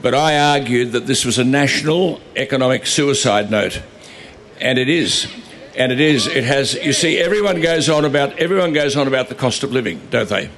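A man's voice: mid-range voice, animated, normal speed, fairly bright tone. A man giving an emphatic, repetitive, sarcastic speech into a microphone at an outdoor protest rally. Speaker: rally speaker and broadcaster. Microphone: stage microphone.

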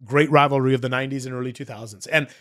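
A man from Canada co-hosting a sports podcast, eager and talking in quick bursts to his listeners. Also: medium pitch, fairly even intonation, a bit bright. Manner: eager, rapid bursts, audience-addressing. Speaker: podcast co-host. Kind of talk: casual sports chat.

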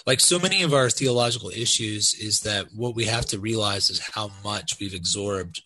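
A man's voice: on the low side, moderate pace, sharp tone, rough recording. A man who is a podcast guest, explaining ideas and searching for words in a casual discussion.

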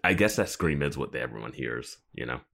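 A man's voice: rumbling low, lively intonation, a little fast, vocal fry, fairly bright tone. A man co-hosting a podcast in casual chat, laid-back and often laughing as he riffs with jokey asides. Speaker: podcast co-host.

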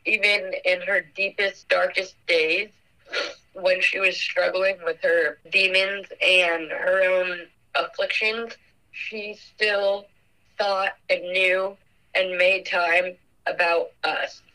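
A young woman telling a painful family memory in an earnest, halting way, with frequent fillers. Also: fairly low pitch, fairly even intonation, pushed and bright, rough recording. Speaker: interviewee. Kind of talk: personal recollection.

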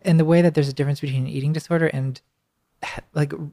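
A woman's voice: low-pitched, steady tone, quick pace, mellow, no echo. Thoughtful woman guest, dry close sound. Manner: thoughtful, hesitant, many restarts and fillers; wry, laughs lightly at herself. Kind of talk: reflective conversation.

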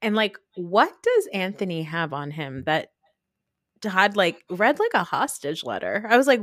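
Lively podcast host, dry close sound. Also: female voice, fairly low pitch, a little slow, no echo. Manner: curious, laughs often, asks probing questions. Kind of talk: casual chat.

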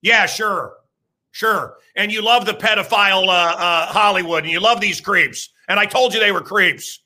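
Radio host guy in his sixties, high tense voice, rants loud and crude, keeps circling back, yells now and then. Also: moderate pace. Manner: loud, emphatic, crude, bursts into shouting; rambling, repeats himself. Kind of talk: ranting talk-show monologue.

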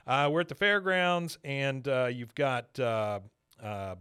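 A man's voice: medium pitch, expressive, unhurried, sharp tone, smooth, no room sound, clean studio sound. Man casually recapping a cartoon episode. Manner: playful retelling with put-on character voices. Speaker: podcast co-host recapping an episode. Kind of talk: casual chat.

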